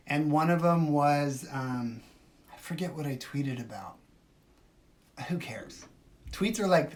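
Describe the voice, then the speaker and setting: A woman's voice: deep voice, a little mellow. A woman hosting a casual phone livestream, chatting and answering viewer comments. She talks emphatically and swings between gushing and dismissive. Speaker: livestream host.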